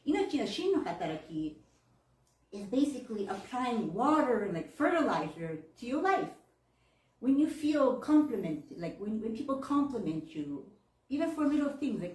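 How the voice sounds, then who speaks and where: A woman's voice: mid-range voice, big pitch swings, unhurried, a little mellow. A woman, giving a chatty, heartfelt sermon with frequent laughs and Japanese phrases. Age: 40s. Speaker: minister. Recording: echoey room, mic far off.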